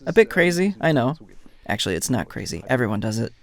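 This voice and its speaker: Here the German-accented man talks fast, his mid-range voice swinging widely in pitch. As a therapist and lecturer, he tells an audience stories about the psyche and acts out dialogues.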